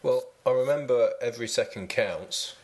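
A man co-hosting a casual comedy chat in a dry, low-key way. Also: normal speed.

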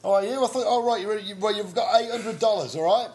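A man's voice: sits high, quick pace, a little mellow. A man hosting a comic improvised quiz bit on a podcast, bumbling and hesitant. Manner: bumbling, hesitant, often laughing. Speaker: podcast co-host playing quiz host.

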